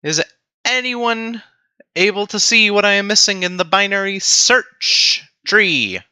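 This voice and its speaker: A young man teaching a programming tutorial on a livestream, animated and self-mocking as he talks to his chat. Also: sits high, measured pace, clear, resonant tone, no echo. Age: young adult. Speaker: teaching assistant.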